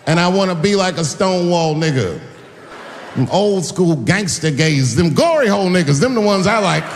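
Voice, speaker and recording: Man doing an animated stand-up set. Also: sits high, slight background noise. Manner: animated storytelling with acted-out voices. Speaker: stand-up comedian. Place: large venue with a live audience. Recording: live hall recording with long reverb.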